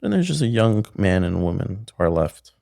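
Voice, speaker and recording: Deep gravelly man telling a rambling story. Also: sing-song, moderate pace, dark tone, dry recording, studio quality. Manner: rambling, with many restarts and "like". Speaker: podcast guest, pickle maker. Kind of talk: casual storytelling.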